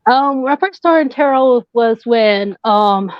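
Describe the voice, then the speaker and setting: A woman's voice: a little high, slow pace, no room sound. A woman, a tarot reader, talking casually and hesitantly as a podcast guest. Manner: hesitant, many fillers. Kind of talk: casual interview chat. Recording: dull dry lo-fi sound.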